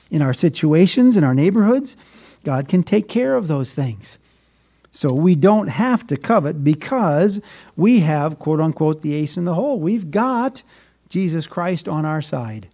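A middle-aged man preaching a sermon, explaining scripture with animated emphasis and folksy, self-deprecating stories. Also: high voice. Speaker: pastor.

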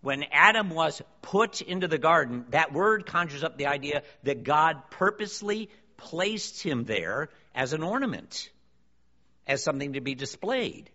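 Preaching to a congregation, a man speaks emphatically and fills his sermon with rhetorical questions. His voice is fairly high, bright and forceful. Long hall reverb and a dull lo-fi quality mark the recording.

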